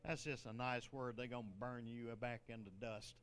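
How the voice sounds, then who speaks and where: A man's voice: medium pitch, fairly even intonation, moderate pace, fairly bright tone, slight background noise. An older man, a bishop, preaching a sermon in a conversational way, with joking asides and laughter.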